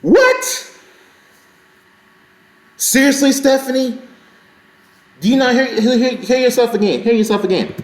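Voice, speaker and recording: Excitable high-voiced man in an echoey room. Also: fast talker, few pauses. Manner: excitable, indignant, rambling. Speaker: sports channel host. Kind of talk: reaction commentary vlog.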